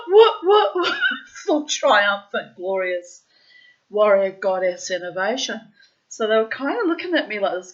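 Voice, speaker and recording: A late-fifties woman who vlogs tells a story in a meandering, casual monologue that sounds muffled. She is playful and self-mocking, laughing frequently and bursting into squealing, high exclamations.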